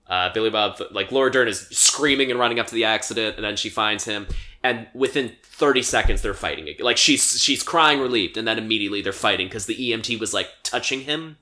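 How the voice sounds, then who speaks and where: A young man casually recapping a movie on a podcast, rambling with lots of fillers and quick acted-out quotes. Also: lowish voice, pushed and bright. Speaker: podcast co-host.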